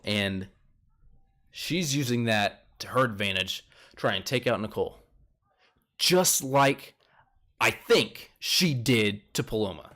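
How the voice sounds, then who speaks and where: A young man chatting casually as he recaps a TV episode, retelling events animatedly and jumping up in pitch when quoting people. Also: animated, slow, pauses often, sharp tone. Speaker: show recap host.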